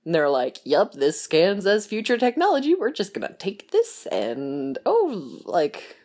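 A woman's voice: mid-range voice, wildly swooping pitch, measured pace, a little mellow. A young woman chatting casually about a TV show, rambling and laughing as she acts out lines in little voices.

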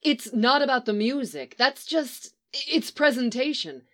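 Determined young woman, insistent and urgent, slow measured delivery, read by a woman. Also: high voice, sing-song, fairly bright tone, full character voice.

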